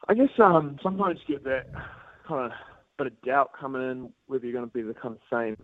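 A young man from New Zealand with a New Zealand accent, calling in to a radio show for casual chat, relaxed and laughing along. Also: medium pitch, fast talker, dry recording. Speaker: guest on the phone. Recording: tinny phone line.

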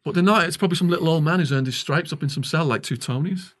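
A man's voice: on the high side, fast, fairly bright tone. A middle-aged English man, a podcast guest, telling a long story and acting out the quoted dialogue. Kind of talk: storytelling interview.

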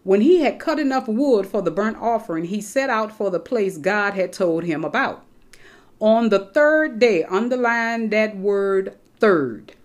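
A woman preaching a sermon to her congregation, reading scripture aloud and explaining it with casual, animated asides. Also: mid-range voice, measured pace, few pauses.

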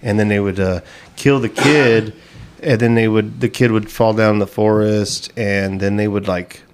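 A man's voice: lowish voice, level tone, moderate pace, darkish tone, smooth, soft background music. A man hosting a comedy podcast, rambling through stories in loose, profane banter. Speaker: podcast host.

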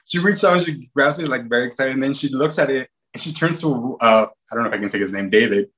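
A man co-hosting a podcast, chatting casually and retelling moments in a laid-back, animated way. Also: mid-range voice, fast, a little hiss or hum, rough recording. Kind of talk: casual chat.

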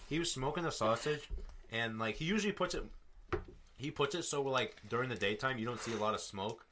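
A man's voice: mid-range voice, fairly quick, sharp tone, a little hiss or hum. A man hosting a podcast, telling a rambling story in loose casual chat with plenty of swearing. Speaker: podcast host.

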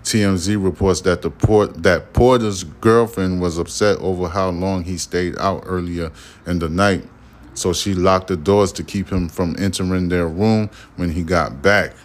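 A man with a lowish voice hosting a casual news podcast. He talks in a loose, street-style way, full of profanity, and keeps circling back to the same point. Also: fairly even intonation, a little slow. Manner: loose, profane, acts out imagined dialogue. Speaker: podcast host.

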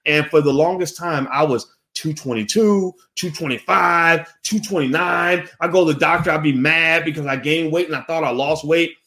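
A man hosting a casual commentary monologue, animated and profane, with many restarts. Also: on the high side, moderate pace, few pauses. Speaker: host.

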